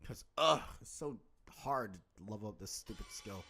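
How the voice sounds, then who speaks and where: Excitable young man playing a game. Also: lowish voice, moderate pace, faint music behind. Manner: excitable, exasperated. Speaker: video game let's player. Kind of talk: game commentary.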